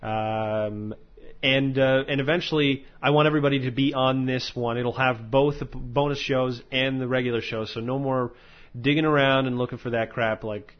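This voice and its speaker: A man's voice: mid-range voice, steady tone, normal speed. A man hosting a podcast in casual chat, rambling with lots of fillers and freely swearing. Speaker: podcast host. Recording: slightly dull lo-fi audio.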